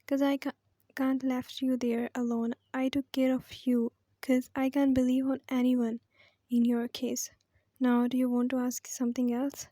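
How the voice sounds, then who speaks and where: A woman's voice: sits high, little pitch movement, unhurried, dark tone, no room sound. Woman reading as a bossy young male doctor. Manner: firm, caring, commanding.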